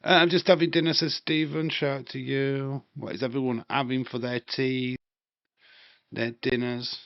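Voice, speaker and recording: A man's voice: mid-range voice, little pitch movement, moderate pace, gravelly, no echo. A man chatting casually and rambling on a live wrestling watch-along stream, swearing now and then. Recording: dry, slightly dull home mic.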